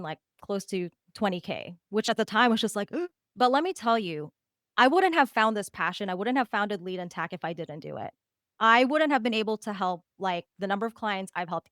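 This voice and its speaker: A woman coach talks to a live group in a candid, animated way. She drops in casual swearing and acts out her own past thoughts. The sound is dry and close, and her pitch sits in a middle range. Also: no room sound. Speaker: coach and podcast host. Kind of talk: live masterclass talk.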